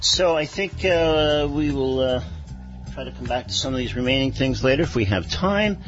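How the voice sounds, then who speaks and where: A man hosting a radio talk show, measured and full of fillers. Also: mid-range voice, expressive, lo-fi sound, soft background music. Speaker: radio host.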